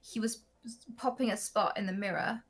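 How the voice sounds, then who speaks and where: A woman in her thirties, a guest streamer on a call, telling stories in lively, animated chat. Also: medium pitch, normal speed, breathy edge. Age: 30s. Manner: animated storyteller, acts out reactions.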